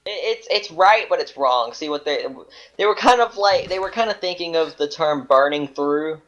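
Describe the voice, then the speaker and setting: A man's voice: a little high, normal speed, a bit bright, lo-fi sound. A man co-hosting a casual gaming show, rambling playfully and restarting his sentences. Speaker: podcast co-host. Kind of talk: casual banter about games.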